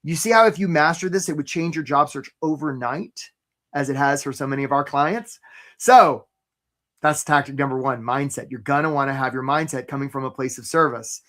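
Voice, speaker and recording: A man's voice: medium pitch, brisk, fairly bright tone. A man hosting a live career webinar, talking energetically and conversationally, often checking in with "right?" and greeting attendees by name.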